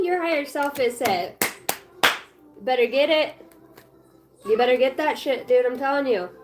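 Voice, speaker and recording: Chatty, fairly high-voiced woman reading tarot. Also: a little hiss or hum. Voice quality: blunt, swearing, chatty and encouraging. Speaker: tarot reader. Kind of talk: casual tarot reading to viewers. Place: home with her small child nearby.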